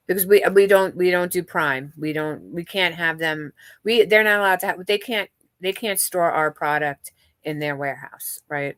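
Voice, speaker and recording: A middle-aged woman hosts a livestream in a casual, rambling chat with her viewers. Her voice sits fairly low for a woman, and she talks openly, with lots of fillers and restarts. The sound is dry and close, with almost no room. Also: fairly bright tone, smooth, dry recording. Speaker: livestream host.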